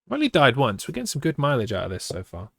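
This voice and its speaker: A man's voice: mid-range voice, wildly swooping pitch, very fast, vocal fry, dry recording, studio quality. A man streaming a spooky choose-your-path story, teasing his chat playfully and mocking himself. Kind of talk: live-streamed interactive story reading with chat banter.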